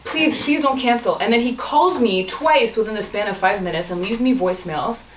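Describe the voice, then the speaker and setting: A young adult woman, a guest on a talk show, telling a dating story in casual, animated chat and acting out the pleading messages she got. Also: medium pitch, a little fast, echoey room, far from the mic, a little hiss or hum, poor audio. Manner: animated, acts out the man's pleading texts.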